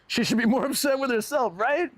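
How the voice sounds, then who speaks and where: Out and about on a live stream, a man with a very high-pitched voice chats casually at a fairly quick pace. He's relaxed, rambles through stories, and laughs a lot.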